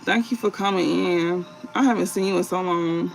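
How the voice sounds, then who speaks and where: A man hosting a late-night livestream as a tarot reader, talking bluntly and profanely with drawn-out fillers and repeated phrases. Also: high-pitched, fairly even intonation, gravelly, soft background music.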